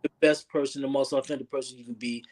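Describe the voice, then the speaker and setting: A man's voice: mid-range voice, fairly even intonation, fast, a little mellow. A man who works as a relationship coach, speaking earnestly as an interview guest and often repeating words while he thinks. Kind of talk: interview guest, casual talk.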